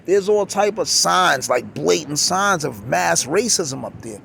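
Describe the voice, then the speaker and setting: Gravelly new guy ranting on the street, keeps repeating himself, cars going by loud. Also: a little high, expressive, a little slow. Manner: insistent, repetitive ranting with stumbling restarts. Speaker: vlogger. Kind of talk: outdoor street rant. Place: city street outdoors. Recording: street traffic noise behind.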